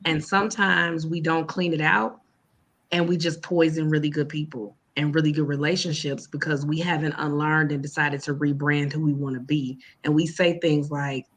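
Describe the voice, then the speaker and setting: A woman's voice: deep voice, fairly even intonation, moderate pace. A woman educator who talks in a casual way, telling stories and quoting her students and herself. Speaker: educator and guest. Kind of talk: casual podcast talk.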